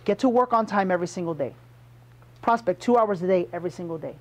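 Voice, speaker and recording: A man's voice: high-pitched, expressive, fast. Punchy man giving a motivational sales talk. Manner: punchy, emphatic, quizzes the audience. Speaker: sales trainer. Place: sales meeting room with a live audience.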